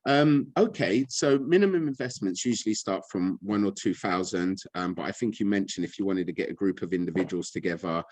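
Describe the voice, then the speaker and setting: A man's voice: low voice, brisk, few pauses, a little mellow, no room sound. A man talking on a video call, enthusiastic and rambling, often repeating words. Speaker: guest speaker. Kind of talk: casual webinar talk.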